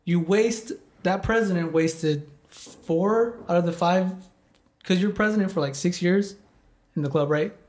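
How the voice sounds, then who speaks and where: Talking a little slowly in a slightly mellow voice, a young man with a somewhat raised pitch rambles his way through a story. He vents with plenty of swearing and fills nearly every pause with "like."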